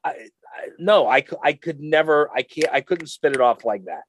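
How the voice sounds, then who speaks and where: A man's voice: on the high side, animated, normal speed, slight background noise. A man co-hosting a podcast in casual chat, rambling and jokey, slipping into silly voices. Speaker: podcast co-host.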